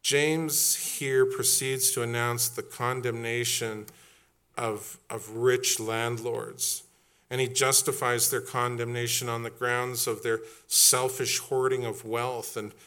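A man's voice: medium pitch, flat delivery, slow pace, bright, forceful tone, smooth. A middle-aged man preaching a sermon as pastor, telling stories casually and building to emphatic repeated questions. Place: church.

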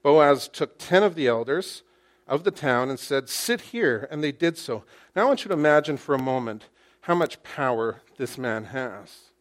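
A male pastor preaching a sermon to his congregation. He uses lively storytelling, rhetorical questions and wry humor. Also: mid-range voice, moderate pace. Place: church, speaking to a congregation with slides.

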